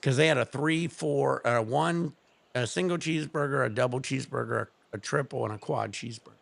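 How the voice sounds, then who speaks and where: A man's voice: mid-range voice, brisk, gravelly, no echo. A man streaming from home, chatting casually in a rambling, laid-back way with plenty of swearing.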